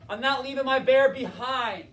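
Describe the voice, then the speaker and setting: A man's voice: extremely high pitch, moderate pace, a bit bright, echoey room, far from the mic, a little hiss or hum, voice pushed up. A man voicing a distraught nine-year-old girl who pleads insistently to get her lost bear back. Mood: pleading.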